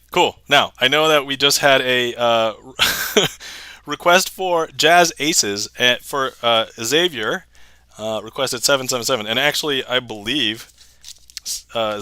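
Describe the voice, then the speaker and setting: A man's voice: mid-range voice, measured pace, sharp tone, dry recording. A young man hosting a casual livestream, chatting with viewers, laughing often and replying to chat. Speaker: magic livestreamer.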